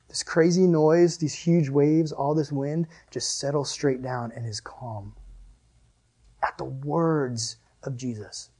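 Young male youth pastor, casual and animated, husky, higher-pitched. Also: slow. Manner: animated, chatty, heavy use of "like". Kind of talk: casual sermon.

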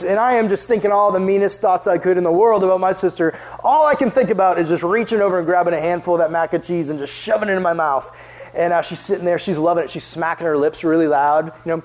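A youth pastor preaching a sermon, telling a story with chuckles and asking the audience questions. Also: male voice, on the high side.

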